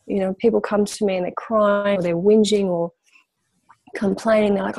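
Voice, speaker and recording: A woman's voice: mid-range voice, fairly even intonation, moderate pace, a little mellow, no room sound. A woman, a spiritual coach, talking passionately in a candid interview and repeating phrases for emphasis.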